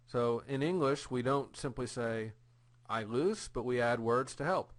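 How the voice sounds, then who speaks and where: A man teaching a recorded grammar lesson, patient and deliberate, repeating each example phrase. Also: medium pitch, a bit bright. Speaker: Greek teacher.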